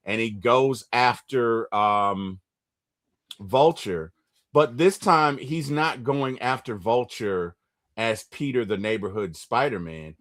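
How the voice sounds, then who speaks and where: A man hosting a casual movie recap chat, retelling scenes with lively bursts and quick impressions. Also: mid-range voice. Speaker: movie review podcast host.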